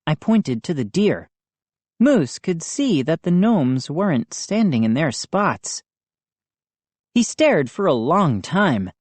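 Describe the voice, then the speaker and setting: A woman reads a spooky children's audiobook in a slow, measured storytelling voice, her pitch moving lively through the sentences. Her voice sits on the low side and the sound is close and dry. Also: no echo. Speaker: audiobook narrator. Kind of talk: audiobook reading.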